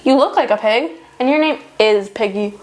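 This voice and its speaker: Bubbly storybook pig girl, high and excited, voiced by a young woman, noisy recording. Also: moderate pace, close to an everyday voice. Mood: cheerful. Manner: upbeat and excited. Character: cheerful, bouncy female pig friend. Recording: noticeable background noise.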